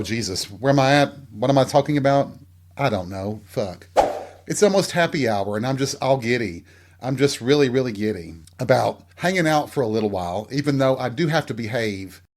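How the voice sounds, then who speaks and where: A man's voice: mid-range voice, lively intonation, moderate pace, darkish tone. A middle-aged man with a Southern accent hosting a casual podcast monologue at home while getting dressed, bawdy, rambling and self-mocking. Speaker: podcast host.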